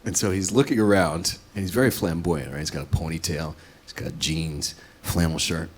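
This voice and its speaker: A man's voice: low-pitched, moderate pace, few pauses, slightly rough. A man doing stand-up, telling a story in a profane, exasperated way. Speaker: stand-up comedian.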